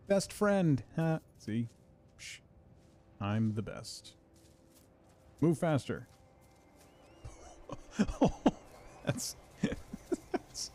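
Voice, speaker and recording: A man streaming a video game, chatting casually, excitable and laughing often, repeating words when things go wrong. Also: medium pitch, extremely slow, long pauses, a little hiss or hum.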